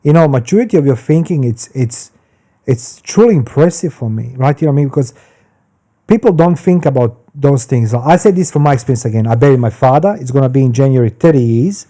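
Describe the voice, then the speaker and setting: Male, 50s, dark warm voice, blunt animated podcast storyteller. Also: mid-range voice, a little fast. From Croatia. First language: Croatian. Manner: animated, blunt, swears freely, broken grammar. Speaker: podcast guest. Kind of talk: candid storytelling in conversation.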